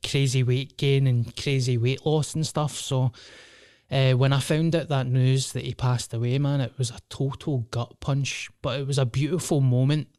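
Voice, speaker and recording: A man's voice: medium pitch, darkish tone, no echo, studio quality. A Scottish man in his thirties, a comedian telling rambling, sweary stories on his solo podcast. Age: 30s. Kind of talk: casual solo podcast monologue.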